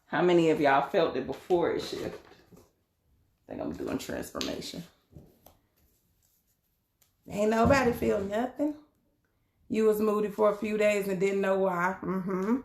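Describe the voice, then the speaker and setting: Low-voiced woman reading cards, echoey. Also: gravelly. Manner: chatty, addresses viewers as y'all and beloved; laughs often. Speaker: tarot card reader. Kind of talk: casual live reading.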